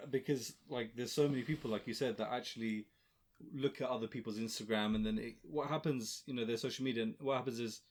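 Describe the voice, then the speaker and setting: A man hosting a podcast, asking questions softly in casual chat with lots of fillers. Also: mid-range voice, steady tone, quick pace. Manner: soft-spoken, many fillers, backchannels. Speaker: podcast host.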